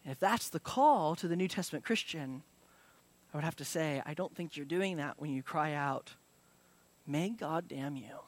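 A man's voice: fairly high pitch, lively intonation, moderate pace. A young adult male pastor preaching a sermon in a casual, conversational way, with many fillers and restarts.

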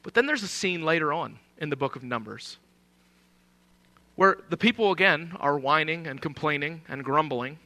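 A man's voice: on the high side, expressive, normal speed, sharp tone. A man preaching a sermon in an emphatic, conversational way, often posing rhetorical questions.

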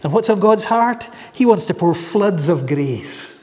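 A man's voice: high voice, expressive, a little slow, a little mellow. Earnest preacher, man, echoing church. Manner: earnest, repetitive, building phrases. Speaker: pastor. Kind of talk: sermon.

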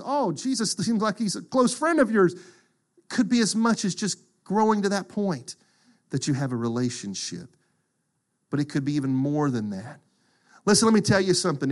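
A middle-aged man preaching a sermon, acting out quotes and swinging from loud to hushed. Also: high-pitched. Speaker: pastor.

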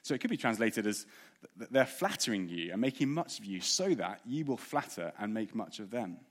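A man's voice: on the low side, sing-song, a little fast. A man preaching a sermon in an earnest way, asking the congregation rhetorical questions.

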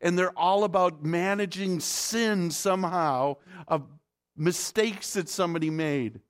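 A man's voice: sits high, measured pace. A male pastor preaching a sermon in a conversational way, often asking the congregation rhetorical questions.

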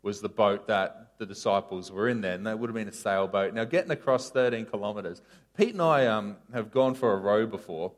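A man preaching a casual sermon, telling a story with sharp rises and drops in his voice. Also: on the low side, fairly quick. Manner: animated storytelling, voice rising and falling sharply.

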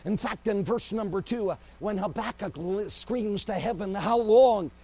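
A man preaching a sermon with great passion, swinging between loud cries and hushed, low passages. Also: normal speed, husky. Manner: impassioned, swings from shouting to hushed.

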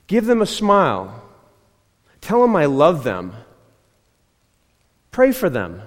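Pastor telling a story in a reverberant church. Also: male voice, fairly high pitch, huge pitch swings, takes it slowly. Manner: storytelling, repeats himself, often checks with "right?". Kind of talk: conversational sermon.

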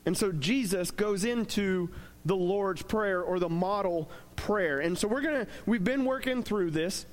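A man's voice: high voice, unhurried. A young man giving a casual, joking sermon as a pastor, talking conversationally with plenty of fillers.

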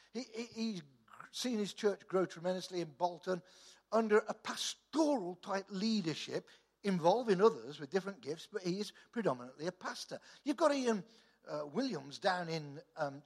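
A man's voice: high voice, slightly rough. Man with a raised voice, telling church stories. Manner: chatty storytelling with stammered restarts. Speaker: church leader. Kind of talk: anecdotal sermon talk.

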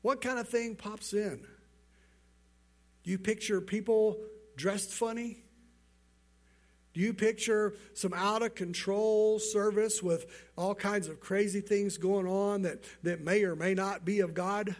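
Pastor guy with a really high voice, preaching, animated storyteller, trips over words a bit. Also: slow pace. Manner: storytelling, animated, repeats words while speaking. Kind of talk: sermon with a told joke.

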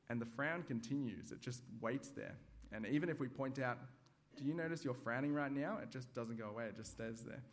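Man preaching a hesitant, measured sermon. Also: medium pitch. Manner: measured, hesitant with frequent ums and uhs; demonstrative, acts out examples. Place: church service.

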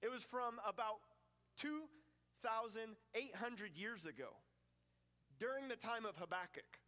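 Bright-voiced man preaching in a hall. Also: high voice. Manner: lively storytelling with playful asides. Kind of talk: sermon. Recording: reverberant hall.

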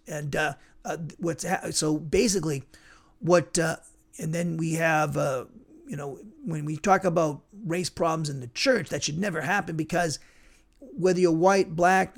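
A man's voice: on the high side, vocal fry. A man teaching a verse-by-verse Bible lesson, talking in a rambling way with frequent restarts and fillers. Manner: slow careful Greek word reading.

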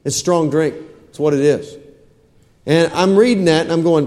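Preacher, high voice, reverberant church. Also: male voice, normal speed, long pauses, a little mellow. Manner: preachy, asks the congregation questions, repeats phrases. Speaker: pastor. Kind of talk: sermon.

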